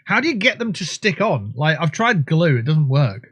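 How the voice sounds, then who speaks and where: A man's voice: a little high, sing-song, moderate pace, fairly bright tone, husky. A man hosting a livestream, talking in a rambling, crude, jokey way while he plays a game. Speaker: livestream host. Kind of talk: casual gaming livestream chat.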